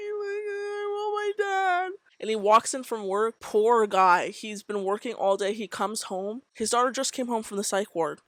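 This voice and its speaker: A woman's voice: mid-range voice, a bit bright, no room sound. A young woman in her twenties telling a personal story in a rambling, casual way, full of "like" and frequent laughter. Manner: rambling, heavy use of filler "like", frequent laughs. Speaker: vlogger. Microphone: decent USB mic on tripod setup.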